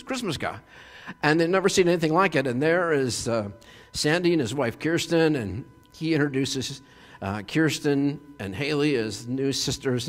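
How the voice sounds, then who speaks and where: Male pastor, animated storyteller, recorded in a hall with long reverb. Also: on the high side. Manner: animated storytelling with frequent fillers and laughs. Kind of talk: sermon retelling a TV episode.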